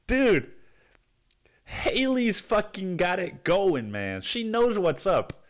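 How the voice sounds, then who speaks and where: A man's voice: high voice, sing-song, slow pace. A young man with the sniffles hosting his podcast in a rambling, profane, slangy monologue. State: sniffly with a cold. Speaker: podcast host.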